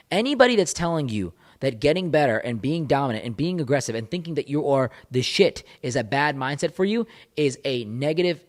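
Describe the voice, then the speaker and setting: A man speaking as a breakup coach in a motivational monologue into a microphone, emphatic and repetitive, hammering points home in short punchy phrases. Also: medium pitch. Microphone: studio microphone.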